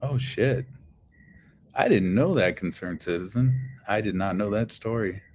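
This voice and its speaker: Speaking at a measured pace in a lowish, somewhat mellow voice, a man tells a story on a casual livestream through his phone. He swears heavily and rambles with many restarts, his telling profane and heated. Slight background noise can be heard.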